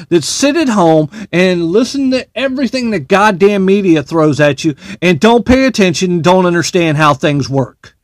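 A man's voice: high-pitched, animated, moderate pace, few pauses, no echo, clean studio sound. A man hosting a solo podcast, ranting bluntly and heatedly with plenty of swearing. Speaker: podcast host.

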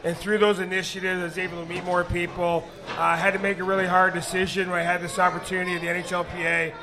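A middle-aged man and former hockey player, speaking with a raspy voice, answering questions casually at a live bar event. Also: sits high, quick pace. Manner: relaxed, rambling with fillers.

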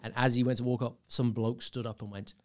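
A man with an accent that blends Scouse, Irish and American in a mid-pitched voice. He talks in loose, rambling stories, going quiet and low for quoted lines. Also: level tone, fairly quick, noisy background. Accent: mixed English, Scouse, Irish and American. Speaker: stand-up comedian guest. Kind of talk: casual podcast chat.

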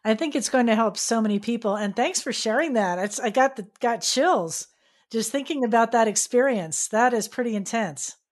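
A woman's voice: on the high side, normal speed. Woman host responding to a guest. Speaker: interview host. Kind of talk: conversational interview.

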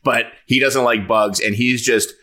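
A man's voice: medium pitch, steady tone, a little slow, bright, forceful tone. A man co-hosting a podcast in casual chat, loose and chatty, laughing often. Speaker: podcast co-host.

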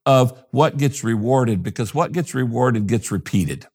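A man's voice: medium pitch, animated, unhurried, darkish tone, slightly rough. An older man, a pastor from the United States, talking in an interview in an emphatic, preacherly way and repeating his key phrases. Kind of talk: interview conversation.

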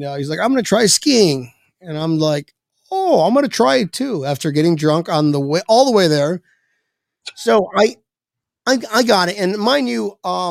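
Gravelly man telling a rambling story. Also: a little high, no room sound. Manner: rambling, animated, swears freely, voices his younger self. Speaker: podcast guest. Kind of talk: casual storytelling.

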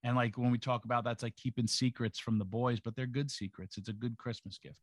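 A man's voice: mid-range voice, fairly even intonation, fairly quick, no room sound. A man, a wrestler co-hosting a podcast, talking casually and rambling with lots of filler words. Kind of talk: casual chat.

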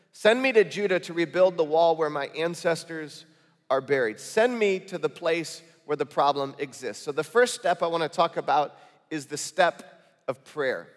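A man's voice: on the high side, in a large hall. A male pastor preaching a sermon, reading scripture aloud with conversational, joking asides.

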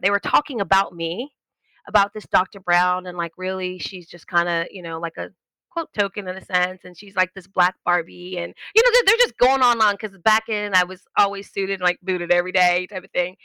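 A woman, a linguist and educator, telling animated stories in a casual podcast conversation and acting out the voices of people she quotes. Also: mid-range voice, clear, resonant tone, no room sound, rough recording. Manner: animated storytelling, acts out quoted voices, laughs often.

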